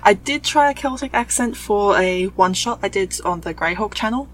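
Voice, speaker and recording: A woman with a soft Australian accent that leans English, chatting at length as a podcast guest. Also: medium pitch, expressive, normal speed, slight background noise, poor audio. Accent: soft Australian, leaning English. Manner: chatty, explains at length with fillers. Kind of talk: casual podcast chat.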